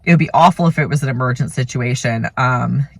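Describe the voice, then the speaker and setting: Speaking in a very deep, creaky voice at a brisk clip, a woman in her thirties casually shares a personal story about giving birth. She's a vlogger and mother who rambles chattily, leaning on "like" and "you know," and the recording is dry.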